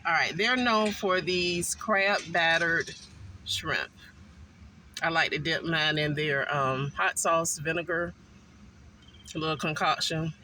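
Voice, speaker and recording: A man eating a meal in a car and chatting casually to his viewers, unhurried and full of ums. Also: on the high side, noisy background. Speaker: food vlogger. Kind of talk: casual mukbang chat.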